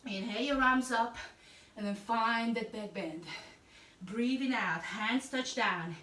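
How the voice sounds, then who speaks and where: A woman yoga instructor calmly guiding a class through breath and poses with encouraging cues. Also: fairly high pitch, takes it slowly. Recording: echoey room, voice from a distance.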